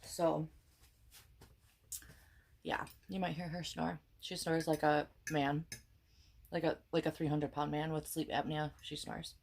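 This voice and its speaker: Low-voiced Wisconsin woman rambling while cooking. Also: little pitch movement, unhurried, gravelly, long pauses, a little mellow, a little hiss or hum. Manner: rambling, chatty, self-deprecating, swears casually. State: pregnant and tired. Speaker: cooking vlogger. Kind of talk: casual chat while cooking.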